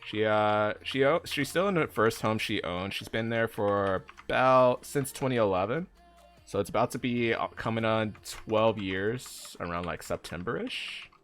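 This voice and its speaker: Low-voiced young man rambling on stream. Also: measured pace, fairly bright tone, soft background music. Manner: rambling, filler-heavy, talks to chat. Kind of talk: casual live-stream chat while gaming.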